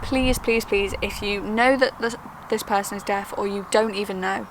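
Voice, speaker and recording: A young woman from the UK talking to camera in a quick, chatty, earnest way, with frequent ums. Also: medium pitch, fairly even intonation. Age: young adult. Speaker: vlogger. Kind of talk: casual talk to camera. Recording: noisy background with traffic.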